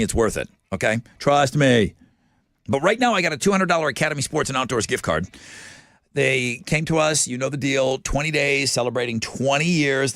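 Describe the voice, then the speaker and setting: A man hosting a morning radio show, chatting in a lively, jokey way and laughing easily. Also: medium pitch, no room sound, studio quality. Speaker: radio host. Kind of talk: morning radio chat and live ad reads.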